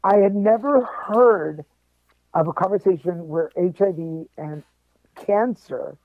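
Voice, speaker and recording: A man with a high voice tells a personal story as a podcast guest, animated and quick to joke. The sound is thin and phone-like, with a dry, close feel. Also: dry recording. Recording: tinny phone-like line, dry.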